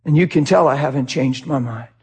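A middle-aged male pastor preaching a sermon with passion, swinging from shouts to quiet, heartfelt talk. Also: medium pitch, brisk, slightly rough.

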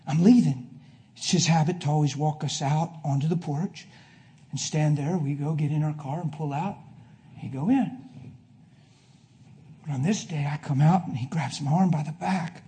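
A preacher giving a sermon to a congregation, telling a personal story, going from hushed to loud. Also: male voice, a little high, moderate pace, pauses often. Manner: emphatic, swings from hushed to loud. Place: before a live congregation.

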